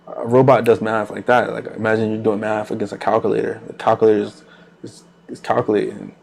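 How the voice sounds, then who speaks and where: A man's voice: lowish voice, flat delivery, fairly quick, gravelly, a little mellow, a little hiss or hum. A man hosting a trading channel, talking casually while he trades live, rambling loosely with repeated phrases and fillers.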